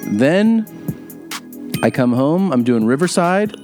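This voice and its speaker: A man's voice: a little high, big pitch swings, slow, over music. A man co-hosting a podcast, joking loosely as he rattles off tour dates and reads ads. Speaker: podcast co-host. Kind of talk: casual chat and ad read.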